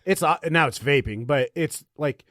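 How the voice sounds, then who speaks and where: A man's voice: on the high side, moderate pace, fairly bright tone, no echo, studio quality. A man co-hosting a podcast in casual chat, teasing his friends and citing statistics. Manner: chatty, teasing, cites statistics. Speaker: podcast co-host.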